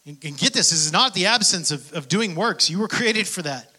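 A man delivers a sermon in a high and strikingly bright, cutting voice. He drops to near-whispers, then climbs to fervent shouts. He acts out prayers as little dialogues. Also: expressive, a little fast. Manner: swings from hushed whispers to shouted passion. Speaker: preacher.

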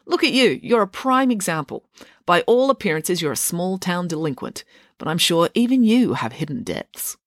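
A woman's voice: fairly low pitch, very animated, moderate pace, no echo, clean studio sound, pitched above the performer's own voice. A woman voicing a smirking, bookish eighteen-year-old male tutor who teases and lectures, for a storybook reading. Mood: lecturing. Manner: smirking, teasing, idealistic lecturing.

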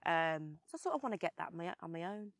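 A young woman with a strong Birmingham accent talks about her work as a guest in an interview. Her voice sits a little low, and she speaks in a chatty way, full of fillers and restarts. The recording is dry and close. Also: lively intonation, fast, no echo. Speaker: actress, guest. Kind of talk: casual interview chat.

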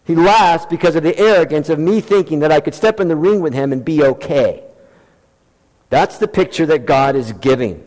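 A male pastor preaching a sermon with emphatic delivery, acting out quoted lines in animated voices. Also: a little high, normal speed. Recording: long hall reverb.

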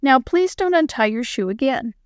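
Lady doing a calm church teacher lady, patient, a bit high, dry sound. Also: normal speed, clear, resonant tone, no echo. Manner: patient, gently instructive. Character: calm adult woman children's church teacher.

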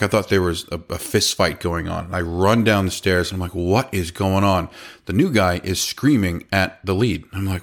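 A man in his thirties, a business owner casually telling a story about his company and quoting the people in it. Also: low-pitched. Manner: animated, quotes people in their own voices.

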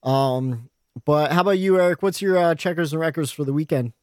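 A man's voice: on the high side, a little fast, no echo, studio quality. A man hosting a casual podcast chat, joking and laughing easily. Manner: jokey, laughs easily, swears.

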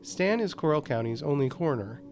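A man hosting a horror podcast and narrating a scripted short story in a calm, even delivery. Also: on the high side, fairly quick, slight background noise.

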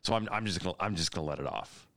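A man's voice: sits low, expressive, racing, a bit bright, no echo. A man co-hosting a podcast who listens closely and asks follow-up questions. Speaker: podcast co-host. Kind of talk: casual podcast chat.

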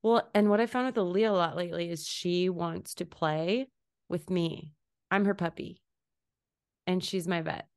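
A woman's voice: lowish voice, fairly even intonation, normal speed, clear, resonant tone, no echo, studio quality. A woman, a parent, chatting casually and asking about her toddler's play, acting out family moments as she talks. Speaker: podcast host, parent. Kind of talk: casual chat.

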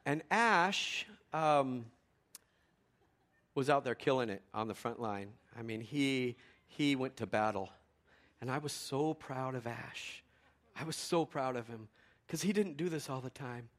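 A middle-aged male pastor telling a lively story in a sermon, swinging from excited exclamations to quiet, earnest reflection. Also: medium pitch, measured pace.

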